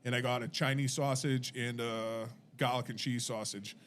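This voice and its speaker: A man with an ordinary mid-pitched voice chats easily on a podcast. Faint background noise sits under his voice. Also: steady tone, normal speed, fairly bright tone. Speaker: podcast co-host. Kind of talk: casual chat.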